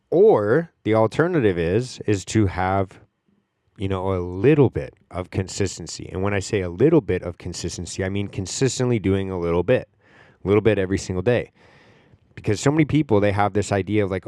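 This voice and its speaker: A man's voice: low-pitched, expressive, brisk, warm tone, dry recording, studio quality. A man hosting a podcast, talking in a rambling casual monologue with lots of fillers and the odd swear word. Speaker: podcast host.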